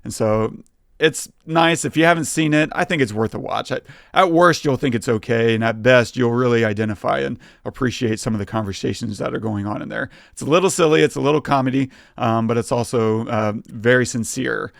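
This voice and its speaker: A man co-hosting a film podcast, talking in a relaxed, casual way with plenty of fillers. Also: medium pitch, brisk, creaky, no room sound, clean studio sound. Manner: relaxed, lots of fillers and laughs. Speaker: podcast co-host. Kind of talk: casual chat.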